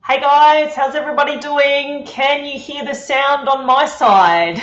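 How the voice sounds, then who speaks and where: A woman's voice: high-pitched, a little slow, a bit bright. Cheerful woman on echoey, dull stream audio. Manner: cheerful, chatty. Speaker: live stream co-host. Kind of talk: live stream chat.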